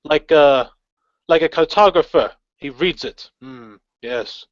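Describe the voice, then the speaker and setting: A man's voice: a little high, dry recording. A man playing a courteous satyr. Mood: measured. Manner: formal, measured phrasing. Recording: dull lo-fi sound.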